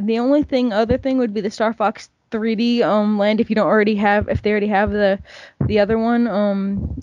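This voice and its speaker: A woman's voice: mid-range voice, darkish tone, dry recording, lo-fi sound. A young woman co-hosting a casual gaming chat, rambling with lots of fillers. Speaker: gaming podcast co-host.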